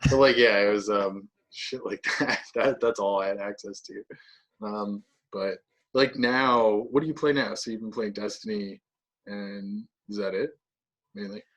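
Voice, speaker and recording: Loose, laughing man with low voice. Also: fairly even intonation, unhurried, fairly bright tone. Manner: loose, filler-heavy, laughs often. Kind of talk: casual chat.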